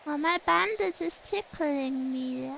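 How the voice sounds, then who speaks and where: Very high-pitched, slow-talking young woman streamer. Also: gravelly, a bit bright, slight background noise, poor audio. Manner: giggly, chatty, reads chat aloud. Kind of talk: casual gaming chat.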